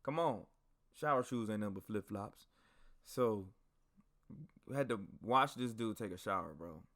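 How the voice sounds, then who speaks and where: A man hosting a podcast, telling a story in a casual, animated, slangy and profane way. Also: lowish voice, moderate pace. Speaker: podcast host.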